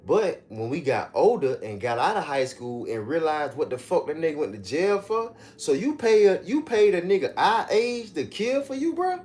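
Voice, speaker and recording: Profane, animated man ranting on a livestream. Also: normal speed, few pauses. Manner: animated, profane, mocking rants with sudden high-pitched outbursts. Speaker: livestream host. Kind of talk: casual livestream commentary.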